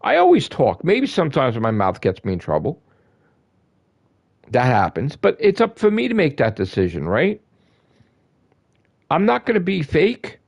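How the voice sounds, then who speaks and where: A man on a gaming live stream, ranting in a heated, profane way, repeating himself and swinging from loud outbursts to low grumbles. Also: huge pitch swings, normal speed, creaky, long pauses. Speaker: gaming livestreamer.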